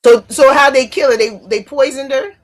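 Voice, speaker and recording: A woman with a New Jersey accent chatting casually on a live stream, animated and curious, asking lots of questions. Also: high-pitched, moderate pace.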